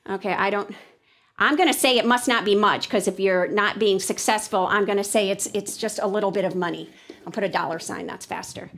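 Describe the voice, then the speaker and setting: A woman's voice: medium pitch, normal speed. A woman teaching a class, reading a text aloud and voicing her thoughts about it as she goes. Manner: animated, switching between reading aloud and thinking aloud. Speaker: teacher trainer. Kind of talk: classroom think-aloud demonstration. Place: classroom with an audience.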